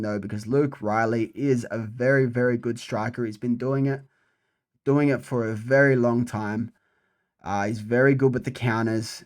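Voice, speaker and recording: A man's voice: medium pitch, darkish tone. A young man giving a casual, profane breakdown of upcoming fights, repeating himself for emphasis. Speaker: MMA fight predictor.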